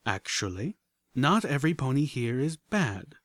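A man voicing a determined, troubled young female unicorn pony who speaks quietly and insistently. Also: medium pitch, big pitch swings, unhurried, no echo. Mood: measured.

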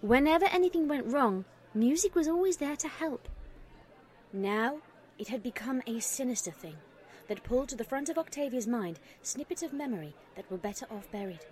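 A woman narrating a fan fiction story in an even storytelling manner. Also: high voice, moderate pace.

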